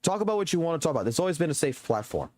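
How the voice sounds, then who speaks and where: A man's voice: on the high side, big pitch swings, rapid-fire, a little mellow. A man streaming games and ranting to his chat, swearing often and repeating himself for emphasis. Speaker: game streamer.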